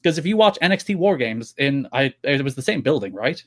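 A man co-hosting a casual wrestling podcast, talking in an animated, rambling, opinionated way. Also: mid-range voice, brisk. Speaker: podcast co-host.

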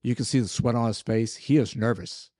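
An older man co-hosting a podcast, telling stories about a book in a measured, easygoing way. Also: medium pitch, mellow, dry recording, clean studio sound. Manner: measured, storytelling. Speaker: podcast co-host. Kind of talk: casual book discussion.

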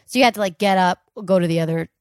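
A woman's voice: fairly low pitch, racing, smooth, no echo. A woman co-hosting a podcast, telling a history story in a casual, joking way with fillers and asides. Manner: chatty, jokey, fillers and asides. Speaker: podcast co-host.

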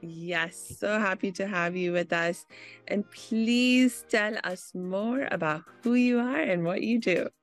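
Woman, podcast host, enthusiastic, unhurried speech, faint violin music. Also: mid-range voice. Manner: enthusiastic, warm greetings. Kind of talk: podcast interview.

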